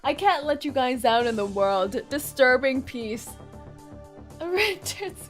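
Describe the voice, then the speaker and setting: A woman's voice: high-pitched, measured pace, over music. A woman streamer reacting dramatically to a story game and talking to her chat. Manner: dramatic, exclaiming, talks to chat. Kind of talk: livestream game reaction and reading.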